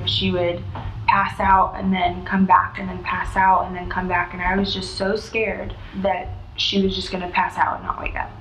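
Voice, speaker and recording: A woman's voice: lowish voice, completely flat delivery, moderate pace, dull audio, background noise. A young woman telling an earnest, heartfelt personal story in a casual way. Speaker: interviewee recounting a rescue. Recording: echoey room with music behind.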